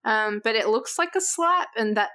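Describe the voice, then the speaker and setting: A woman's voice: a little high, expressive, normal speed, bright, forceful tone. A woman from Britain co-hosting a podcast, chatting about a movie in an amused, casual way. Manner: chatty, amused, puts on voices to quote. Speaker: podcast co-host. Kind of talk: casual movie recap chat.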